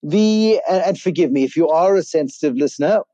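A man from Africa, a business author answering interview questions in a wry, animated storytelling way. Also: a little high, a little fast, no room sound. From South Africa.

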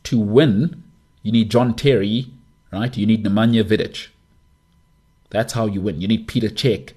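Podcast host, male, 30s, husky and forthright, emphatic opinions. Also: lowish voice, measured pace. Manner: opinionated, emphatic, lively delivery. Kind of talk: casual monologue.

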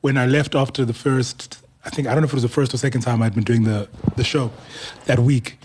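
A man, a radio host telling stories in casual studio chat, animated and laughing often. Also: mid-range voice, fast, breathy edge.

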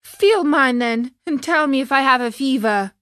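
A woman's voice: expressive, normal speed, a bit bright, clean tone, no room sound, studio quality. A woman doing a wailing frightened puppet boy. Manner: high wailing, sobbing.

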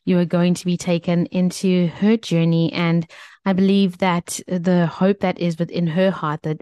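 Low-voiced woman podcast host. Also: no echo, clean studio sound. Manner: warm encouraging prompts, many fillers. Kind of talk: interview hosting.

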